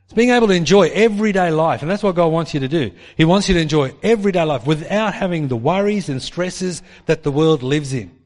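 A man preaching a sermon in an animated way, acting out the voices of people in his stories. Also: fairly high pitch, fairly quick, few pauses. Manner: animated, acts out quoted voices. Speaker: pastor. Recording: long hall reverb.

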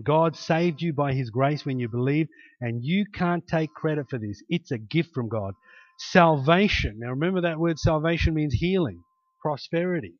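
A man preaches in an easy, conversational way, a little higher-pitched than most men. He tells stories, acts out the voices of the people in them, and builds to emphatic exhortation. The recording is dry and somewhat dull. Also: animated, moderate pace, no echo. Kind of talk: conversational sermon.

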